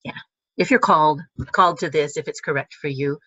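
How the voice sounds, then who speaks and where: A woman, a guest teacher, chatting in an interview with musing, halting phrases that trail off and restart, heard over a video call. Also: deep voice, a bit bright, slightly rough, dry recording, muffled recording. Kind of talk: casual conversational interview.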